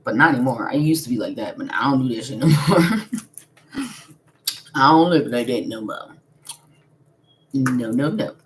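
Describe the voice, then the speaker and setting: Low-voiced woman chatting bluntly on a live stream. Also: expressive, moderate pace, long pauses, background noise. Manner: blunt, laughs often, swears freely. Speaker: spiritual vlogger. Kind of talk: casual live-stream chat.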